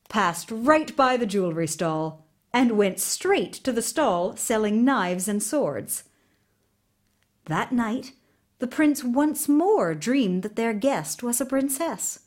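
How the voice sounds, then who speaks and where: Slow, expressive woman reading a fairy tale. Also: on the high side. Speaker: storyteller. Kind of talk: read-aloud fairy tale narration.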